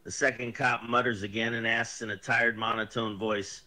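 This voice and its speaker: A text-to-speech male voice flatly reading out chatbot story narration. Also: mid-range voice, normal speed, few pauses.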